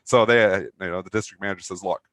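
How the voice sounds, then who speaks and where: Male co-host, low voice, chatty rambling anecdote, dry close mic. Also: fast, fairly bright tone, dry recording. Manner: rambling storyteller, many fillers, laughs at own story. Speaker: co-host of a trading talk show. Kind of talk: casual anecdote chat.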